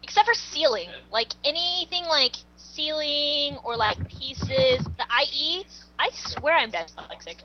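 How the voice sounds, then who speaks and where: A giggly woman chatting with friends, her high voice swinging up and down as she tells a story. The audio is a little dull and lo-fi, with a faint hum underneath. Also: lively intonation, unhurried. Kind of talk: casual group chat about writing.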